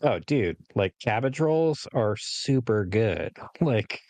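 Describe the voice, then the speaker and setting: A man in his forties with a lowish voice rambles through a casual podcast chat. He stacks up filler words and laughs as he goes. The sound is close and dry, with no room around it. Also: animated, takes it slowly, darkish tone, no room sound. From California. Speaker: podcast co-host.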